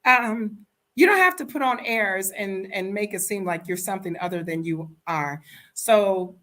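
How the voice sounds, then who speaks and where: An American woman telling a story in a casual storytime vlog, blunt and animated, acting out the quoted dialogue. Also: mid-range voice, normal speed.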